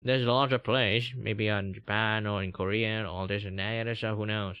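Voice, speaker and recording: A man from Malaysia chatting casually as host of his live stream. He laughs often and jumps into sudden high exclamations. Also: fairly even intonation, normal speed, clean tone, no room sound, muffled recording. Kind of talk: casual livestream chat.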